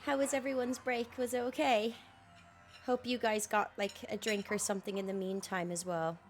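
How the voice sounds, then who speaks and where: A woman streamer chatting excitedly with viewers during a live game stream, giggly and prone to squeals. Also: mid-range voice, normal speed, soft background music. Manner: loud squeals and laughing shouts.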